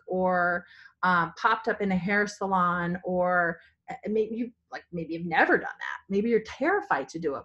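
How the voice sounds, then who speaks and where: Hoarse woman, mid-pitch, leads a sales team, restarts a lot, eager and motivational, spoken off the cuff at home. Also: fairly bright tone. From Virginia, US. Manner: enthusiastic, rambling, full of restarts. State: hoarse, voice partly lost. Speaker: direct-sales team leader. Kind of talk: spontaneous motivational vlog. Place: indoors in a family home.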